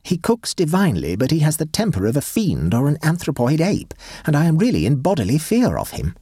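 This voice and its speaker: A man's voice: on the high side, huge pitch swings, fairly quick, dark tone, husky, no echo, studio quality, voice pushed up, exaggerated voice. A man reading as an anxious, elderly clergyman, in a rambling, fretful letter voice.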